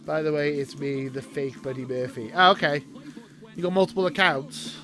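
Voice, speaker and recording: A young Welshman rambling excitably in casual live commentary as he watches a wrestling show. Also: a little high, moderate pace, faint music behind. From Wales. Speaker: streamer.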